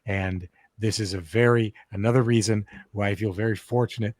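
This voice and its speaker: A man co-hosting a podcast, telling a story in a casual, profane, animated way. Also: lowish voice, fairly quick, no room sound, studio quality. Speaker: podcast co-host. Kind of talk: casual chat.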